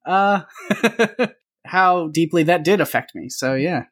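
A man's voice: fairly high pitch, slow. Laughing man co-hosting a podcast. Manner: laughs often, relaxed, hesitant fillers. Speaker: podcast co-host. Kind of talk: casual chat.

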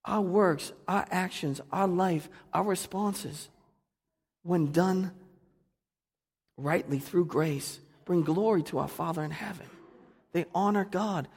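A male pastor preaching a sermon, swinging from hushed to loud and fervent. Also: high voice, slightly rough. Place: church sanctuary. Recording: long reverb of a church hall.

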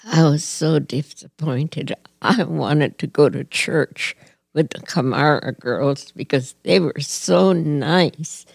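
An older woman from Hawaii recalls her childhood in an unhurried, earnest way, each phrase given plenty of room. Her low voice carries a gravelly texture. The recording is dry and close. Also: no room sound. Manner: slow, earnest, gently reflective telling. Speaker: storyteller. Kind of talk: personal reminiscence.

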